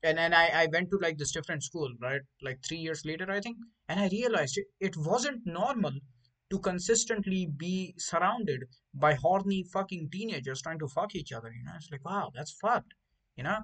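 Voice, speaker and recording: A man's voice: a little high, normal speed, low-quality recording. A young man from India, host of a casual podcast, telling crude school stories with lots of swearing and acted-out voices. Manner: profane, animated, acts out voices of others. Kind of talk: casual crude storytelling chat.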